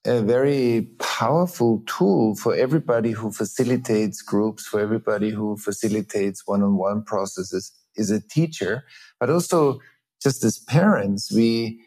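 Low, mellow-voiced man musing slowly. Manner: thoughtful, halting, many restarts and fillers. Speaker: host. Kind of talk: reflective conversation.

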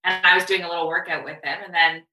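A woman guest on a podcast telling her story in a chatty, animated way. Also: lowish voice, fast, reverberant, recorded from a distance, poor audio. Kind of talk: casual podcast chat.

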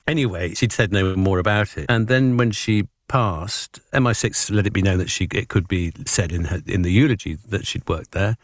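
A man's voice: fairly low pitch, brisk, few pauses, dry recording, studio quality. A middle-aged man, an actor guest, telling stories and acting out the voices of people he quotes. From United Kingdom. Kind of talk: storytelling interview answers.

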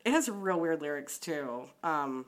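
A woman's voice: sits low, unhurried. A woman guest on a podcast, chatting casually, laughing often and making fun of herself. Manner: laughs often, animated and self-deprecating. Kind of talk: casual interview chat.

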